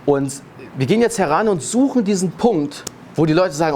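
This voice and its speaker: A man's voice: fairly high pitch, animated, fairly quick, darkish tone. Male marketing speaker, emphatic and punchy, faint ambient noise. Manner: emphatic, punchy stresses, restarts mid-phrase. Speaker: business speaker. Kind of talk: energetic marketing talk.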